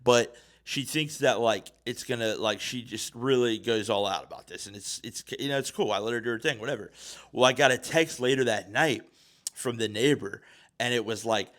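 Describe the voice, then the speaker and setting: A man in his thirties hosting a podcast, telling a story in a casual, profane way that swings from mumbling to loud. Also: medium pitch, moderate pace. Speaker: podcast host.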